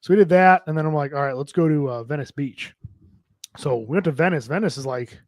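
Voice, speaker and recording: Dude rattling off a vacation rant fast, cusses a lot, dry mic. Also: male voice, fairly high pitch, no echo. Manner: rambling storyteller, swears a lot, acts out quotes. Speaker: podcast co-host. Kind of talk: casual podcast chat.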